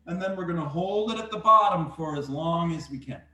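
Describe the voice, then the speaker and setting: A man coaching a breathwork and exercise session, giving calm, encouraging step-by-step cues. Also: a little high, fairly quick. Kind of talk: guided workout instruction. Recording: very echoey room, mic far off.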